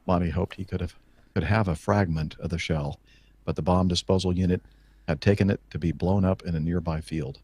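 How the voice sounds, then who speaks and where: A man's voice: deep voice, fairly even intonation, fairly quick, darkish tone, slightly rough, dry recording. A man co-hosting a podcast, reading news stories aloud with dry joking asides. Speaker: podcast co-host.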